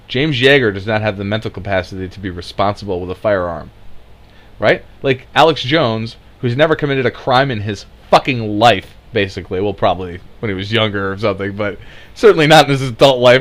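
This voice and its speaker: A man's voice: lowish voice, a bit bright. Sarcastic ranting man. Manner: sarcastic, mocking, swears freely. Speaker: commentator. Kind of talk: ranting political commentary.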